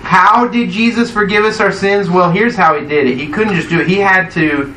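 A man preaches a sermon in an easy, conversational way, often putting questions to his listeners. His voice is bright and a little high, and it rings through an echoey hall, picked up from some distance by the mic. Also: moderate pace, slight background noise. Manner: conversational, asks the congregation questions. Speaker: pastor.

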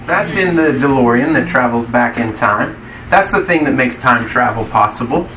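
A pastor delivers a sermon in an echoey hall, picked up by a distant mic with slight background noise. His mid-range voice is animated and sharp at a normal pace, and he keeps things conversational by posing questions to the congregation.

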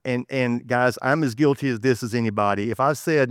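A man's voice: medium pitch, brisk, smooth, no echo, clean studio sound. A man with a Texas accent preaching a conversational sermon, folksy and self-correcting as he goes. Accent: Texan. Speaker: pastor.

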